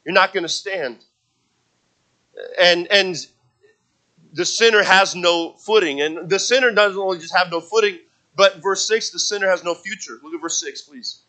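High, bright-voiced man preaching. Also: normal speed. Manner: earnest, repeats words when restarting, rises to emphatic peaks when quoting scripture. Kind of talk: expository sermon.

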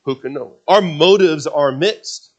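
A man preaching a sermon as pastor, swinging between loud emphatic passages and quiet, confiding asides. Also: a little high, a little slow.

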